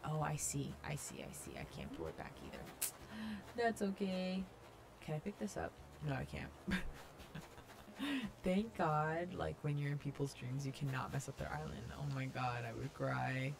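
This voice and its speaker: A young woman casually commenting as she tours a video game island, gushing and gasping with excitement. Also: low-pitched, unhurried, vocal fry, background noise. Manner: gushing, excited, lots of gasps and "oh my God". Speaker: gaming vlogger touring a fan-made island.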